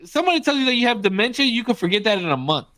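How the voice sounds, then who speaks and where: A man's voice: extremely high pitch, sing-song, rapid-fire, a bit bright, no room sound. A man co-hosting a podcast in casual chat, blunt and profane, talking with emphasis. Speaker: podcast co-host.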